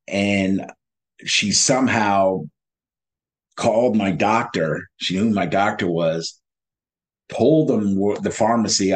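A man guest on a video call, telling his story in an animated way, laughing and acting out past conversations. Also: lowish voice.

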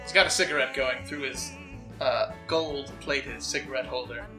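A man narrating a tabletop role-playing game as game master in a relaxed, laughing way. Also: medium pitch, normal speed. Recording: echoey room with music behind.

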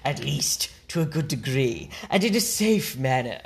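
A woman's voice: extremely low pitch, very animated, normal speed, creaky, slight background noise. A woman podcast host reading a complaint email aloud with mocking, dramatic emphasis and frequent laughter.

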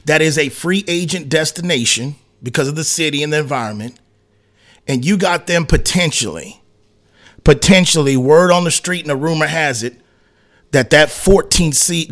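Fired-up man ranting on sports radio. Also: on the high side. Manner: heated, rambling, slangy rants full of acted asides. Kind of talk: opinionated sports talk.

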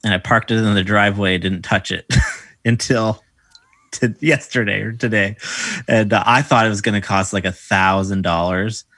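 A man's voice: lowish voice, steady tone, moderate pace, a bit bright, dry recording, clean studio sound. A young man co-hosting a podcast, telling casual stories in an upbeat, rambling way with plenty of fillers. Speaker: podcast co-host. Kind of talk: casual chat.

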